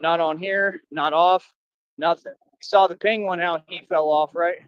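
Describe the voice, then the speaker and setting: A man's voice: on the high side, steady tone, measured pace, clean tone, no room sound, highs cut off. A man livestreaming, talking to his viewers in a boastful, confrontational rambling monologue with slangy street talk.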